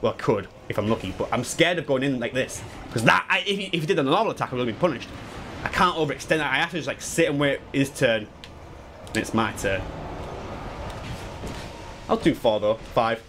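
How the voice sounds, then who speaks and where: A man in his twenties chatting casually and excitedly while playing through a game, swearing freely and wandering into asides. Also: medium pitch, brisk, pauses often, noisy background. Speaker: gaming YouTuber. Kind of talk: live speedrun commentary.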